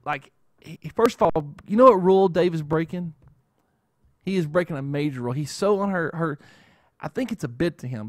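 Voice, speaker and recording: Host type: male, slightly high voice, rambling and chatty, dry close mic. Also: dry recording. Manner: rambling, keeps adding "okay?". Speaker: show host. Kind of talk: casual chat.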